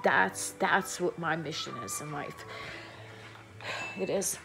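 A woman's voice: fairly low pitch, slow pace, gravelly, music in the background. A woman with a New York accent, talking earnestly and rambling, full of fillers, in a casual spiritual vlog. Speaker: vlogger.

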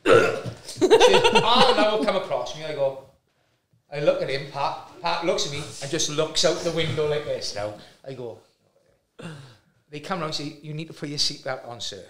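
A man tells a rambling anecdote in a fairly high voice that swings up and down as he acts out the other people's lines. He sounds like he is in a roomy, echoing space. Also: moderate pace, pauses often. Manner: animated anecdote-telling with voiced impressions. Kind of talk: casual chat, storytelling. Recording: roomy echo.

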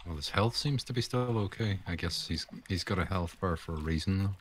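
A man's voice: low-pitched, fairly quick, slight background noise. A man co-hosting a casual game playthrough, laid-back and joking. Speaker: gaming co-host. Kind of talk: casual let's-play chat.

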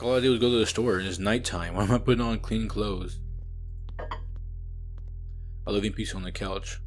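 Low-voiced man ranting over a game. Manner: loud exasperated slangy rants, frequent cursing. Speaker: gaming streamer. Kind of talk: let's play commentary.

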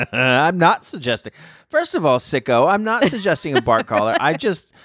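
A man's voice: a little high, sing-song, moderate pace, fairly bright tone, dry recording. A man co-hosting a casual podcast, dry sound. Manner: laughs easily, rambling and reflective. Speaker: podcast co-host. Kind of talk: casual chat.

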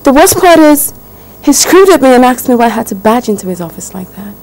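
An actress plays a spoiled young woman, a rich man's daughter, who is wounded and aggrieved, complaining indignantly about the fiancé who neglects her. Her slightly high voice swings widely in pitch, moves fairly quickly and has a darkish tone. The audio quality is poor.

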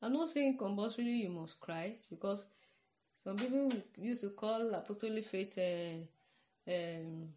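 A woman's voice: medium pitch, moderate pace, mellow, a little hiss or hum. A Nigerian-accented woman preaching in an informal podcast sermon, earnest and conversational, often checking "you understand?".

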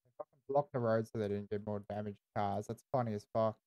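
A man's voice: fairly low pitch, fairly even intonation, quick pace, a little mellow. An Australian man streaming casual in-character game roleplay, laid-back and swearing constantly, tagging "eh" onto his lines.

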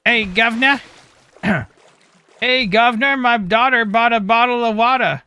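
A man doing a hammy cockney bloke with a clumsy, high, bright voice, the sound of a joking stream impression. The pitch jumps well above his usual talk and the tone is sharp. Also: animated, fast, creaky, dry recording, heavily acted. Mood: hamming.

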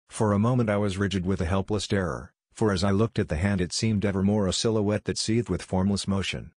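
A man narrating a scripted horror story in a measured, solemn first-person telling. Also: sits low, darkish tone, no room sound, studio quality.

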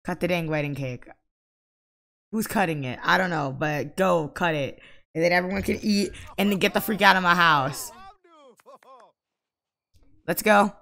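A woman's voice: fairly low pitch, unhurried, long pauses, fairly bright tone. A woman giving let's play commentary, scolding her game characters aloud in exasperation. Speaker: gaming channel host.

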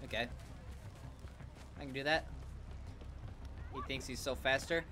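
A man's voice: mid-range voice, steady tone, measured pace. A young man doing goofy let's play commentary with crude jokes. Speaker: gaming YouTuber. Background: game music.

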